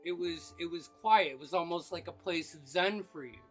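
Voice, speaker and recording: A man's voice: a little high, normal speed, soft background music, low-quality recording. A man running a tabletop game as game master, describing scenes in a rambling way.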